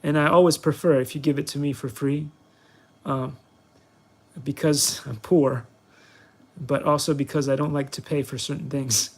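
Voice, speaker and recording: A man narrates his review vlog while he tries to fly a toy. He rambles and jokes at his own expense. His voice sits on the higher side for a man. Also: fairly even intonation, moderate pace, darkish tone, breathy edge. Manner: playful, self-mocking, rambling. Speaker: product reviewer, channel host. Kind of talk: casual vlog commentary while playing.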